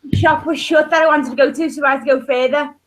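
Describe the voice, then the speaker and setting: A woman's voice: high voice, steady tone, quick pace. A woman chatting casually about her day in a rambling way. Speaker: chat room participant. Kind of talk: casual chat.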